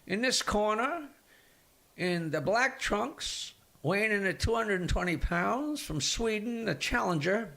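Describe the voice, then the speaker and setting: Older man doing a booming boxing ring announcer. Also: expressive, gravelly, sharp tone, exaggerated voice. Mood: grandiose. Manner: grand, drawn-out announcing.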